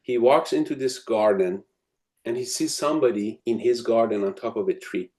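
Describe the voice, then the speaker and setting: A man's voice: medium pitch, normal speed, a little mellow. A man giving a reflective advice talk to students, full of ums and restarts. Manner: thoughtful, many ums and restarts. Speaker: academic speaking to students. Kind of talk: advice lecture with storytelling.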